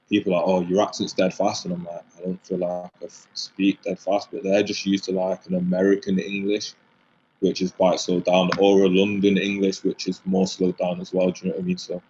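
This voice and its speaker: Very deep-voiced Mancunian man. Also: darkish tone. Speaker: guest. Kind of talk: casual chat at a live podcast. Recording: dull lo-fi sound with faint noise.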